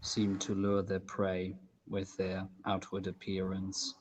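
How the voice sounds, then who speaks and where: A man playing a tabletop role-playing game, speaking in a calm, measured, wry way. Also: sits low, a little hiss or hum. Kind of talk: casual tabletop role-play chat.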